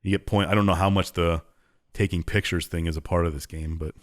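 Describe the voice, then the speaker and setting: Deep-voiced man recapping a game casually. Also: steady tone, brisk. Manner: laid-back storytelling, acts out characters briefly. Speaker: podcast co-host recapping a game. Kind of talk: casual chat.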